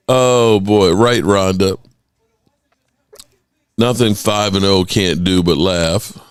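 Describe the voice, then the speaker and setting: A man's voice: a little high, dry recording. A man hosting a live sports reaction stream, laughing often and mockingly repeating clips.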